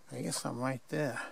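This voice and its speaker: A man's voice: mid-range voice, gravelly, husky, no room sound. An older man filming himself on a forest trail, rambling and chuckling at himself in a casual hiking vlog. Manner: rambling, self-mocking, chuckling. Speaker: hiker filming his hike. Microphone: handheld camera mic.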